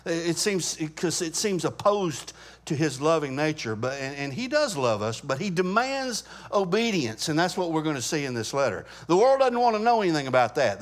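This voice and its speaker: With a medium-pitched, expressive voice at moderate speed, a man teaches a Bible study class in a chatty way. He stops to ask the group questions and often restarts what he's saying.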